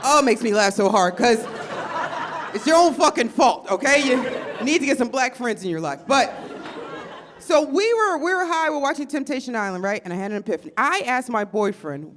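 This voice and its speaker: Brief: female stand-up comic, brash and animated, acts out characters, noisy live room. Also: medium pitch. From Chicago area. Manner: loud, animated, acts out quotes in shifting voices. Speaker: stand-up comedian. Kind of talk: stand-up comedy set.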